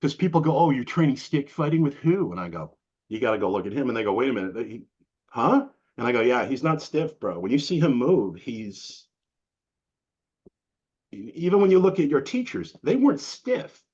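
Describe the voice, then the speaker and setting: The recording is dull and lo-fi: a middle-aged New England man, medium-pitched and speaking at a normal speed, chats as an interview guest. His husky, slightly breathy voice carries animated, slang-laced stories with acted-out quotes.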